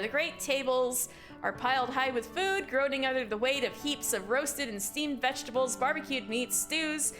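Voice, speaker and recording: A high-pitched woman streaming a game live. She reads the text aloud, giggly and excitable, and breaks off to react as she plays.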